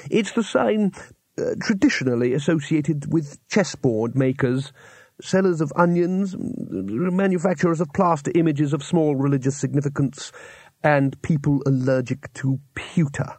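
A nervous, pedantic male astrologer, as a man reads him in an audiobook, with a raised, breathy voice that rambles slowly through his words. The sound is husky and dry. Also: fairly high pitch, a little mellow, no echo. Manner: slow, hesitant and rambling. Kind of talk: audiobook character voice.

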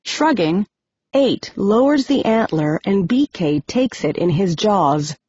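A woman narrating a novel in the first person, steady and measured, on a dry, muffled recording. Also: mid-range voice, slight background noise. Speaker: audiobook narrator.

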